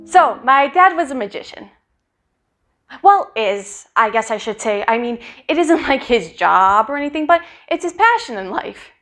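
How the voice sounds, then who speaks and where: A woman's voice: sits high, very animated, moderate pace, a bit bright, faint music behind. A woman performing a dramatic monologue in a wry, conversational, hesitant way.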